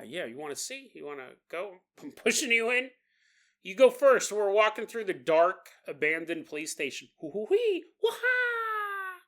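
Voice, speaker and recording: A male podcast host, spinning a story casually and jumping in and out of silly character voices. His voice is bright and crisp, and his pitch swings widely. He laughs often as he goes.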